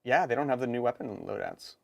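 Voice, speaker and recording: A man co-hosting a live stream, chatting casually and quickly about tabletop game rules, with laughs and quick asides. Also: medium pitch, animated, gravelly. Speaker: co-host of a tabletop gaming stream.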